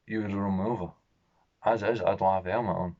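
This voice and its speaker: A young man vlogging, telling a personal story in a halting, profane, emotionally raw way. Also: sits low, fairly even intonation, mellow. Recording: dull lo-fi recording.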